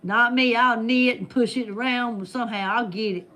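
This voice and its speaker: A woman's voice: a little high, fairly even intonation, moderate pace, bright, forceful tone. A woman hosting a casual trivia game with friends. She reads out questions and answers in a playful, teasing way. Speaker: game host.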